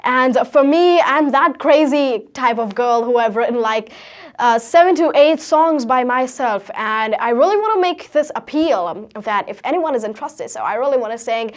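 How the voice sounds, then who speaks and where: A teenage girl with a high, bright voice and an Indian English accent tells her own story in a motivational talk. She keeps the energy up and keeps asking rhetorical questions. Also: animated, normal speed. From Haryana, India. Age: teens. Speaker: guest speaker.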